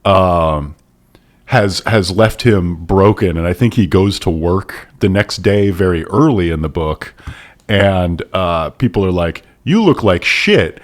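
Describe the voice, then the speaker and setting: A man's voice: sits low, unhurried. A man co-hosting a podcast, reading book passages aloud with mock-seductive relish and chatting casually. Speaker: podcast co-host.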